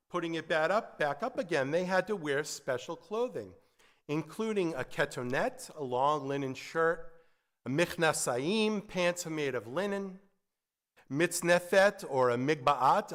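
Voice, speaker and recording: A man's voice: a little high, fairly bright tone. A man leading a Shabbat service, singing prayers and then giving a sermon with a story and dry asides. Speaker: service leader. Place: synagogue sanctuary. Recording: echoey hall with guitar behind.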